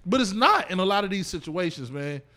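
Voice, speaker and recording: A man's voice: high voice, big pitch swings, fairly quick, bright, forceful tone, slight background noise. A man hosting a podcast, talking in a laid-back, rambling way with lots of slang. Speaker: podcast host. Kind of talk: casual podcast chat.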